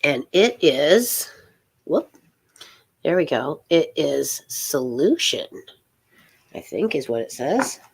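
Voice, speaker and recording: A middle-aged woman hosting a casual live tarot reading, rambling and halting, with many fillers and soft laughs. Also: sits low, sing-song, creaky, husky.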